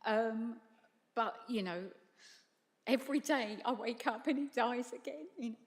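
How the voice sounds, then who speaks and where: A middle-aged woman, a bereaved mother, giving halting, emotional testimony at a public tribunal. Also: a little high. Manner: halting, apologetic, tearful at times. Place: large hall at a public tribunal. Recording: long hall reverb.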